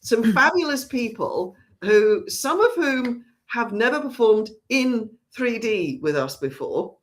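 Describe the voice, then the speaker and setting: A woman's voice: fairly high pitch, expressive, slow pace. A woman who runs a theatre company, chatting casually through an announcement with lots of restarts. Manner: chatty, rambling, with frequent restarts. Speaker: artistic director of a theatre company.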